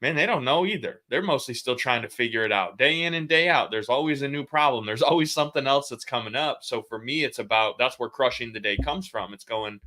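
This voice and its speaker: A man in his thirties talks as a podcast guest, telling candid stories in easy, slangy speech. His voice is bright and forceful, sitting at an ordinary pitch. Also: a little fast, few pauses. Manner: candid, storytelling, casual slang. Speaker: podcast guest, sales coach. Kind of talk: casual interview chat.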